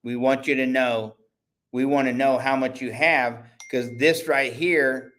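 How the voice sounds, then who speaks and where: A man's voice: medium pitch, steady tone, measured pace, fairly bright tone. A man hosting his own livestream, talking casually and selling his services in a rambling, chatty way, often stopping to correct himself. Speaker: host and network owner.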